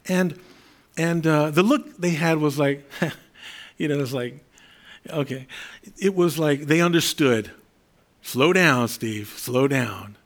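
A man's voice: fairly high pitch, unhurried, long pauses. Earnest male pastor preaching. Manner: earnest, conversational preaching with Greek word study. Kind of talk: sermon.

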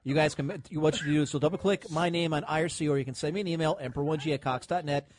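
A man's voice: a little high, fairly even intonation, quick pace. A man hosting a podcast in casual chat. He swears freely, laughs often and trails off into fillers. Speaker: podcast host.

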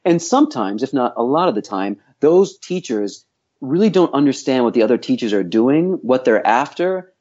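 A man of middling pitch who teaches voice and acting, talking through his ideas in a podcast. He thinks aloud, restarts his sentences, and states firm opinions. The sound is a little dull and lo-fi. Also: sing-song, moderate pace, darkish tone. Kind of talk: podcast interview.

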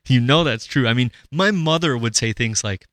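A man's voice: mid-range voice, fairly bright tone, no echo. A man from Minnesota hosting a podcast in casual, rambling chat. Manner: rambling, restarts, acts out quoted voices. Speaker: podcast host.

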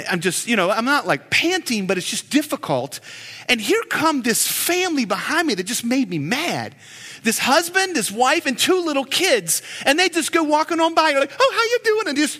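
A man in his forties preaching a sermon as a pastor, telling stories in an animated, joking way. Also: very high-pitched, long reverb tail. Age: 40s.

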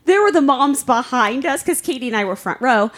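A woman co-hosting a podcast in casual chat, talking excitedly. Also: sits high, a little fast. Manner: excited, bursts into shouting. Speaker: podcast co-host.

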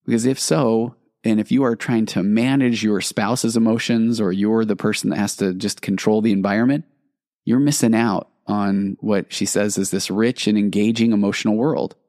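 A man's voice: fairly low pitch, fairly even intonation, moderate pace, a little mellow, dry recording, clean studio sound. A man hosting a solo podcast, talking earnestly about parenting and acting out little dialogues with his kids, with self-deprecating asides. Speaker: podcast host. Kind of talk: reflective solo podcast talk.

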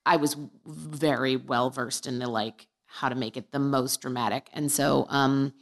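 A woman's voice: rumbling low, fairly even intonation, a little slow, creaky. A woman in casual podcast chat, telling teenage stories and laughing at her own old writing. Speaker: podcast guest. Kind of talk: casual chat, reading old poems aloud.

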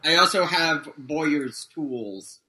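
A man's voice: a little high, expressive, takes it slowly, roomy sound, noisy background. A man playing a tabletop game, asking earnest questions. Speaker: player. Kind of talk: casual tabletop play.

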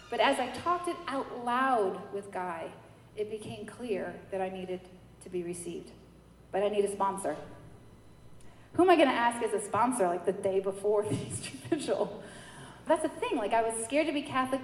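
A woman from New York giving a personal faith testimony, telling her story with animated quoted voices. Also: a little high. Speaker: testimony speaker. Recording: echoey hall with light noise.

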